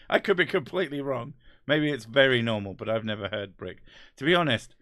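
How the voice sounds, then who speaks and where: A man's voice: mid-range voice, expressive, normal speed, a bit bright, no echo, clean studio sound. A man with an English accent, hosting a casual chat, rambling and wry with casual swearing. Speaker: host. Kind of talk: casual chat reading comments.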